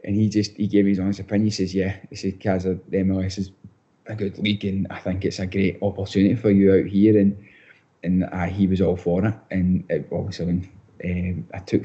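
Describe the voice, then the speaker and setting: Young scottish guy chatting away, low dark voice, kinda muffled lo-fi audio. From Scotland. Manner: chatty, repeats words, quick asides. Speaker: footballer guest. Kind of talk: casual podcast interview.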